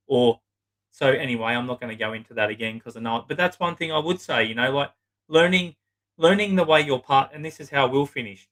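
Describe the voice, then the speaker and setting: A man's voice: mid-range voice, a little fast, fairly bright tone, rough recording. A man, a psychotherapist guest, giving earnest, blunt relationship advice in casual talk, swearing now and then for emphasis.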